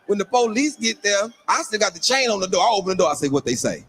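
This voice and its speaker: A man telling a funny story in a lively way, acting out the people in it. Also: high-pitched, fast talker, over loud music. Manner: animated, acts out the other people in his story. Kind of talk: comedic storytelling.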